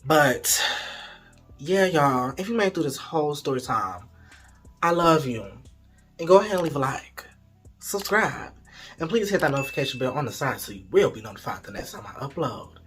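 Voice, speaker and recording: A young man telling a storytime vlog story in an animated, profane, gossipy way. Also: a little high, normal speed, husky, soft background music. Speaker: vlogger.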